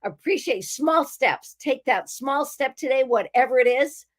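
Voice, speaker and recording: Older woman, Boston accent, slightly high voice, emphatic, motivational. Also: lively intonation, unhurried. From north of Boston. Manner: earnest, encouraging, emphatic. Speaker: guest. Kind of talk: motivational casual chat.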